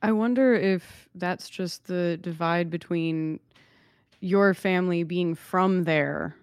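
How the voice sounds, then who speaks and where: A woman's voice: lowish voice, takes it slowly, darkish tone, clear, resonant tone, no echo, studio quality. A woman chatting casually, musing on a story and laughing easily. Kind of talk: casual chat.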